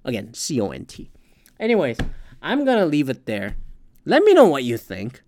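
A woman hosting a solo podcast, ranting angrily and swearing constantly, with sarcastic rhetorical questions. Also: sits low. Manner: angry, profane, swearing constantly. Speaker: podcast host.

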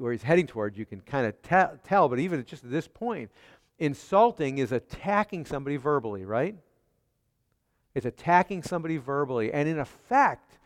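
A man preaching an expository sermon, asking his hearers rhetorical questions and swinging between quiet and emphatic delivery. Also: fairly high pitch. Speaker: pastor. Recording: long hall reverb.

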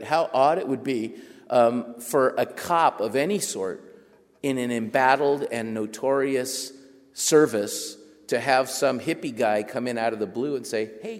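A man, an author, telling an animated, self-mocking story to a live audience and acting out the other voices, recorded in an echoey hall. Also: mid-range voice. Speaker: author giving a talk.

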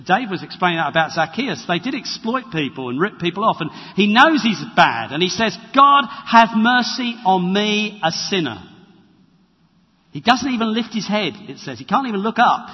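A husky man preaches in a lively, high voice that swings up and down. His talk is conversational and animated. A long church reverb trails his words, and the recording is dull and lo-fi. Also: a little fast, few pauses. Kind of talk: sermon. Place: church hall.

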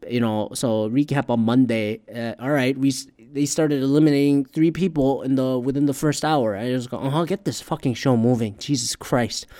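A man's voice: medium pitch, fairly even intonation, moderate pace, hardly any pauses. Profane rambling man ranting casually. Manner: profane, rambling, gets loud and worked up.

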